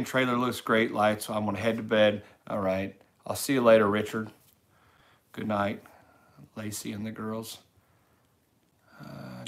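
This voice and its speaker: A middle-aged man with a fairly low voice talks loosely to his livestream viewers. He rambles in an easygoing way and reads their chat messages aloud as they come in. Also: gravelly. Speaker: livestream host. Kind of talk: casual live-stream chat reading comments.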